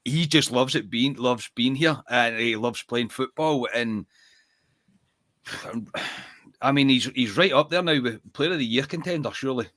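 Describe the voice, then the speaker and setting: A man's voice: medium pitch, measured pace, fairly bright tone, no echo, studio quality. A man hosting a football podcast, talking earnestly and building with enthusiasm as he praises players. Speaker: podcast host. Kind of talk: casual football chat.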